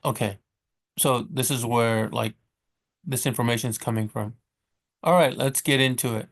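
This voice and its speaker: A man's voice: medium pitch, fairly even intonation, moderate pace. American man giving a rambling casual lesson. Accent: American English. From United States. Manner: rambling, with many fillers and restarts. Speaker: Spanish teacher.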